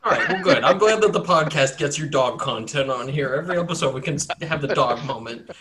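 A man's voice: fairly high pitch, expressive, pushed and bright. A young man running a tabletop game, joking and teasing his players. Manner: joking, teasing, quick to laugh. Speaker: game master. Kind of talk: casual tabletop game banter.

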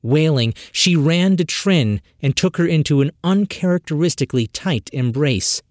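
Expressive male audiobook narrator. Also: mid-range voice, moderate pace, hardly any pauses, dry recording, studio quality. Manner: expressive, dramatic storytelling.

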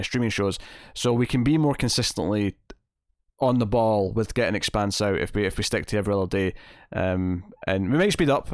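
A man's voice: on the low side, dry recording, studio quality. Enthusiastic rambling male podcast host. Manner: enthusiastic, rambling, many restarts. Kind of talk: casual TV recap chat.

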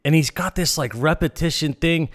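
A man's voice: fairly high pitch, moderate pace. Sarcastic man on an exasperated rant. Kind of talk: ranting comedic monologue.

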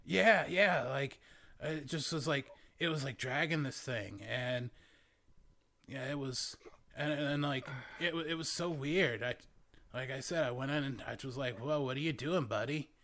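A man's voice: medium pitch, measured pace, pushed and bright. A man voicing a laid-back, rambling young male druid who drawls and fills every sentence with "like" and "man". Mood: spacey. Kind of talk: tabletop role-play character voice.

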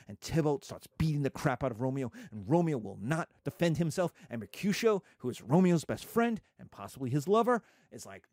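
A man in his fifties lectures a class in a high, very lively voice that swoops around constantly. He is jokey and digressive, and the sound is dry and close. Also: brisk, hardly any pauses, dry recording. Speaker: teacher.

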